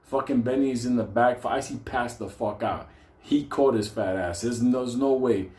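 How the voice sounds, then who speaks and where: A man's voice: mid-range voice, normal speed. A man telling a comic personal story, swearing constantly and laughing often. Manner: profane, animated, laughs often. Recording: echoey room.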